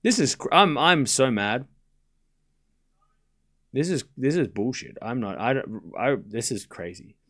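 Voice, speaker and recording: A man with an Australian accent commentating tennis on a live stream, chatting with viewers between points. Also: medium pitch. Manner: animated, chatty, quick play-by-play bursts.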